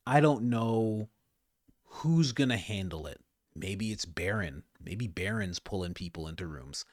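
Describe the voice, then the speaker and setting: A man's voice: on the low side, no room sound, clean studio sound. A middle-aged man hosting casual political commentary, talking straight to his viewers in a conversational way. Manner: animated, conversational, addresses viewers directly.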